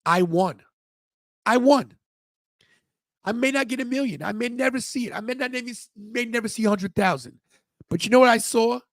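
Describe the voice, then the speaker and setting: A man's voice: very high-pitched, quick pace, no echo. A middle-aged man hosting a podcast, telling a personal story with emotion and acting out the people in it. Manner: emotional, animated retelling with quoted voices. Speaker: podcast host. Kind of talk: storytelling monologue.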